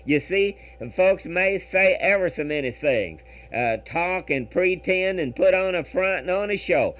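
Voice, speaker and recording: A man preaching a radio sermon, earnest, reading scripture and verse in a measured rhythm and often repeating words. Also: sits high, lively intonation, muffled recording.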